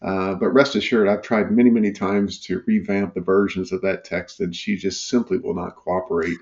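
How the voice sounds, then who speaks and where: Middle-aged male guest, very low gravelly voice, wry storyteller, muffled lo-fi audio. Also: level tone, normal speed, darkish tone. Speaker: company executive guest. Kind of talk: casual interview chat.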